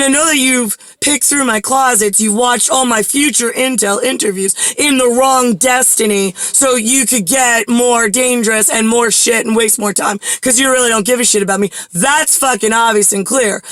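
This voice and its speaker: A woman's voice: fairly high pitch, a bit bright, no echo, rough recording. A woman recounting a memory in a rambling monologue, full of fillers and restarts, and later swearing at unseen listeners. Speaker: vlogger.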